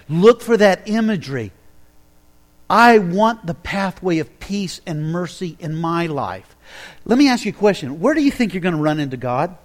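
Male preacher, a touch high-pitched, storytelling sermon that dips to a hush and rises to emphatic calls. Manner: dramatic storytelling, drops to a hush for quotes, builds to emphatic preaching. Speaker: pastor.

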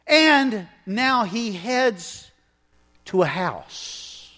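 A man preaching a sermon, telling a story with animated delivery and acting out the scenes. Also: high voice, drawn-out words. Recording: echoey hall reverb.

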